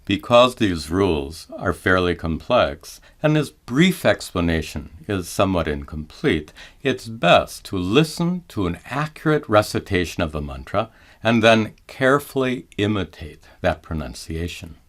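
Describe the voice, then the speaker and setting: Slow, deliberate man teaching chant. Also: low-pitched, big pitch swings, a bit bright. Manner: slow and deliberate, chants examples in drawn-out tones. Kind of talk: measured scripted lesson.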